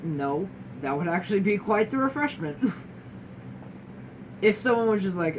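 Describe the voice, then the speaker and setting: Her lowish voice is animated and at a normal speed as this young woman, a guest, candidly shares her experience in a casual talking-head chat. She's wry, restarts often, and imitates other people mid-sentence. Recorded from a distance, she sounds slightly off-mic against clear room noise.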